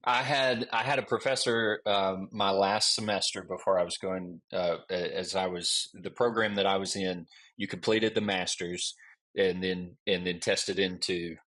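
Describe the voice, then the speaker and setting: A man's voice: sits low, steady tone, normal speed, a bit bright. A man in his thirties from Alabama with a Southern accent, a guest historian telling a long story with many restarts. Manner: rambling with many restarts and fillers. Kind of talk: casual storytelling interview.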